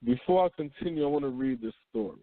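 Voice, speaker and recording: A man hosting a call-in talk radio show, speaking in an unhurried, reflective way and reading a news story aloud. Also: medium pitch, lively intonation, dry recording. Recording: phone-line call-in audio.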